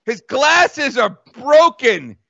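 A man with a strikingly high, bright voice, rambling through an improvised comedy bit for a podcast. He talks fast and jokey, and the sound is dry and a little dull. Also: very animated, creaky, no echo. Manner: rapid, rambling, jokey narration with goofy voices. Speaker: podcast host running a comedic game.

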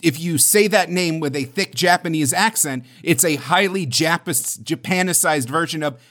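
A man's voice: fairly high pitch, moderate pace, a bit bright. A man co-hosting a podcast, talking enthusiastically about games with lots of fillers. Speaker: podcast co-host. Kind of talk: casual chat about game history.

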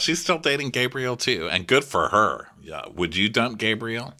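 A man co-hosting a comedy podcast, recapping a reality show in animated chat and slipping into impressions. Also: normal speed. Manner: animated, jumps into high-pitched impressions of cast members.

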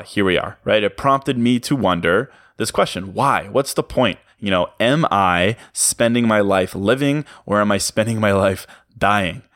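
A man's voice: on the low side, a bit bright, no room sound. A young man hosting his own podcast, musing in a casual, self-mocking, rambling way with plenty of fillers. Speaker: podcast host. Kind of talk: casual solo podcast monologue.

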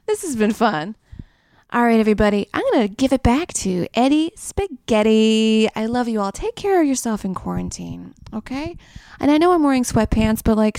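A woman's voice: fairly high pitch, a little mellow, no echo, studio quality. A young woman co-hosting a podcast, rambling through crude, joking stories in a casual chat. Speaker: podcast co-host. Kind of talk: casual comedic monologue.

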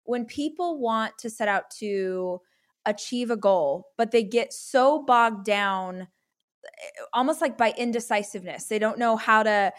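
A woman hosting a podcast, enthusiastic and chatty, reading ads and talking with a guest. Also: on the high side. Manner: enthusiastic, slows and stresses words in ad reads. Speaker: podcast host. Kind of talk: ad read and casual interview chat.

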